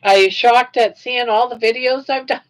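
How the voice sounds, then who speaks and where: A woman's voice: on the high side, fairly even intonation, normal speed, low-quality recording. An older woman hosting her own live stream, chatting casually and reacting aloud to viewer comments. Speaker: livestream host.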